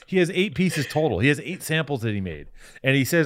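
A man's voice: mid-range voice, expressive, quick pace, slight background noise. A man hosting a podcast who laughs a lot and rants in casual banter. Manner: laughing, ranting, fired up. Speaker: podcast host.

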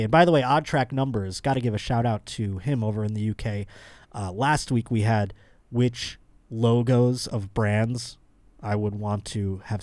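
A man's voice: mid-range voice, darkish tone, no room sound. A man hosting a comedy podcast, rambling through news stories with crude jokes. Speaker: podcast host. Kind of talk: casual comedic chat.

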